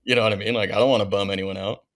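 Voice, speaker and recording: A man in his thirties chats as a podcast guest in a relaxed, slangy way. His voice is low with a gravelly rasp, and he leans on "like" and "dude" as he tells stories. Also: rapid-fire. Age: 30s. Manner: laid-back, full of "like" and "dude". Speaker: podcast guest, pro skier. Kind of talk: casual storytelling chat.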